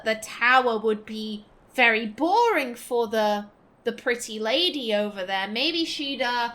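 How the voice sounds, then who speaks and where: A sleazy male templar guard from a fantasy game blusters and stammers through his lines, as a woman retells the scene. The voice sits high and tumbles over itself. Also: fairly bright tone.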